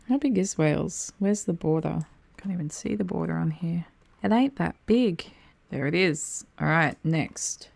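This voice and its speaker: A woman's voice: deep voice, vocal fry, darkish tone, no room sound. A woman commenting casually on a geography guessing game, thinking aloud, muttering asides and swearing freely. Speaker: game streamer.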